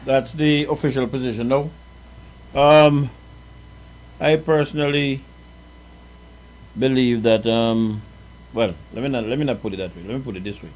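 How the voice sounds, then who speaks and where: A man's voice: medium pitch, fairly even intonation, normal speed, pauses often, darkish tone, poor audio. A man giving his opinion on a talk show, hesitant and rephrasing with frequent ums. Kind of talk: casual talk show discussion.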